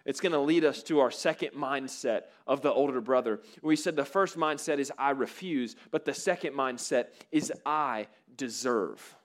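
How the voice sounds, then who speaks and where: A man preaching a sermon to students in a conversational way, with frequent fillers and repeated words. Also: mid-range voice. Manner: conversational, many fillers and restarts.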